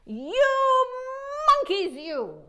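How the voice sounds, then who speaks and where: A woman reading aloud from a storybook, voicing an angry male cap peddler who shouts at monkeys. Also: extremely high pitch, huge pitch swings, drawn-out words, voice pushed up, heavily acted. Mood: angry shouting. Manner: shouting, shaking a finger.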